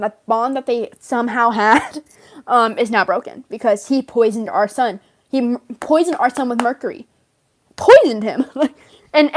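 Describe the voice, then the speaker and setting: Woman rambling in character, bright high voice. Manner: rambling, fills talk with "like", laughs often. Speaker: fan role-player in character. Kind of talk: rambling in-character story chat.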